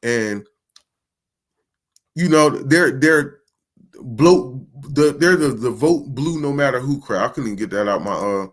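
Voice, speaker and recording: A man's voice: medium pitch, animated, measured pace, pauses often. A man hosting his own channel, giving casual political commentary in a loose, slangy way with frequent fillers and restarts.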